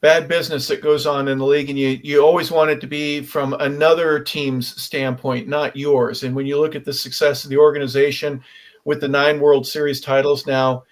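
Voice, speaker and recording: Male sports radio host, higher voice. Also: level tone, moderate pace. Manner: asks long questions with fillers.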